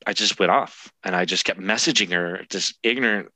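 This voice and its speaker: A man in his thirties tells a personal story as a podcast guest, candid and self-deprecating. His low voice has a bright, forceful edge, recorded dry and close. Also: fairly quick, no echo. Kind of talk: storytelling in conversation.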